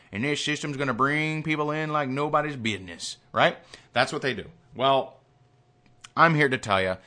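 Brief: a pumped-up male course instructor, bright and forceful, emphatic and repetitive. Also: medium pitch. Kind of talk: recorded course lesson.

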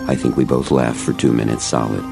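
A man's voice: extremely low pitch, brisk, gravelly, over loud music. A man narrating a first-person story as an audiobook, in a storytelling manner. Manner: storytelling, animated dialogue reading.

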